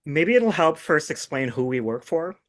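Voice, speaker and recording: A man's voice: a little high, very animated, moderate pace. Man casually explaining his union job. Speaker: union staff representative guest. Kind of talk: podcast interview.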